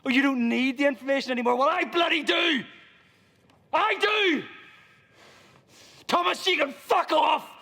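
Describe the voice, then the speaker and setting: A man playing a desperate, volatile interrogator who shouts and swears at himself. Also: fairly high pitch, big pitch swings, a little slow, pauses often, breathy edge, exaggerated voice. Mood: frantic. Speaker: frustrated interrogator. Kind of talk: indie film acting.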